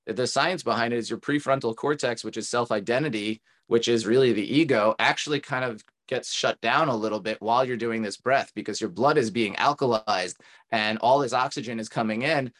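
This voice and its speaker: An earnest man in a casual podcast conversation, a tantra coach sharing advice. His voice sits at an ordinary, mid-range pitch, and his thoughts spill out in long, encouraging, reflective runs. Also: brisk, fairly bright tone.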